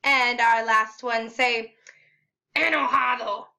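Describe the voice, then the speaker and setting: A high, bright-toned woman leads a video lesson at an unhurried pace. She models each word slowly with a sing-song lift and cheers the class on with frequent praise. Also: lively intonation. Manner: slow, exaggerated, sing-song modeling of words; encouraging, praises often. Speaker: Spanish teacher. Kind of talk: video lesson, call-and-repeat drills.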